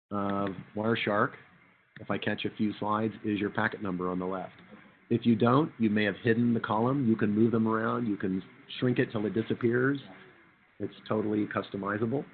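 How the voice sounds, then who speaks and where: Hoarse lecturer with a low, tinny voice. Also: male voice, a little hiss or hum. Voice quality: husky radio voice. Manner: conversational, jokey, quizzes the class. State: hoarse from a chest cold. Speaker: university lecturer. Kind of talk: classroom lecture.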